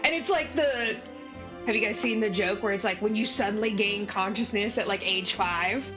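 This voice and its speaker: A woman's voice: mid-range voice, moderate pace, over music. A woman narrating as game master in a loose, filler-heavy storytelling manner.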